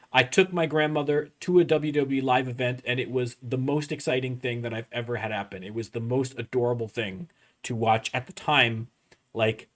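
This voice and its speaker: A man's voice: mid-range voice, fairly bright tone. A young Canadian man hosting a casual let's-play, rambling and joking as he plays. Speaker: gaming channel host.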